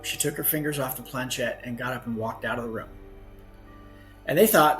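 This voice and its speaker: A man's voice: mid-range voice, brisk, pauses often, fairly bright tone, faint music behind. A man, a guest author on a podcast, telling a story earnestly and often correcting himself mid-sentence. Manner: earnest anecdote telling with frequent self-corrections.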